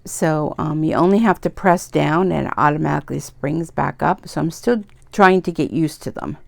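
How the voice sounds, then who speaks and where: A woman's voice: low-pitched, moderate pace, creaky, no echo. A middle-aged woman hosting an embroidery video, talking in a rambling, chatty way while she works. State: tearful at times. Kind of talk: casual chat while crafting.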